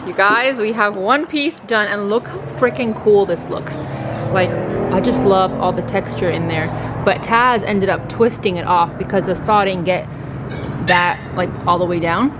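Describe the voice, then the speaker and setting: A woman's voice: mid-range voice, measured pace, loud music behind the voice. A young woman chatting casually in a home DIY vlog, bubbly and gushing, with giggles in her talk. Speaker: vlogger. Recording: noisy home video sound.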